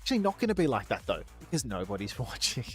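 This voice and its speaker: A man's voice: mid-range voice, very animated, quick pace, soft background music. A man casting a co-stream, joking in casual chat with playfully boastful banter. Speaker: co-streaming esports caster.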